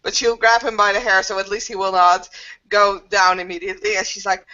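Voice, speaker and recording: A woman's voice: mid-range voice, fairly even intonation, moderate pace, sharp tone. A woman player narrating her character's actions in a tabletop game, matter-of-fact. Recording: dull lo-fi voice chat.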